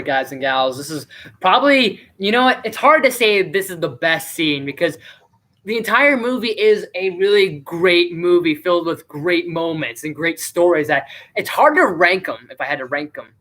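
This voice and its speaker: A man's voice: fairly high pitch, sharp tone. A man hosting a casual live stream and reviewing a movie, rambling chattily with plenty of fillers.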